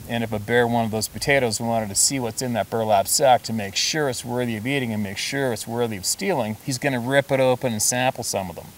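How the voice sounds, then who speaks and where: A man casually telling stories in a chatty, emphatic way, now and then laughing as he talks. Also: mid-range voice. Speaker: storyteller. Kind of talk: casual storytelling. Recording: distant mic with faint hiss.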